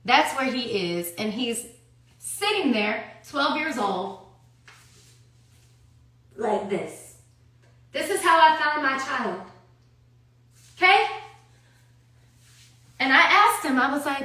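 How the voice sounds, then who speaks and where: Emphatic bright-voiced woman telling a story. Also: high-pitched, expressive, slow pace, pauses often, echoey room. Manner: emphatic, profane, swings between hushed and loud. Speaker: storyteller recounting personal events. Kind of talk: casual tell-all monologue.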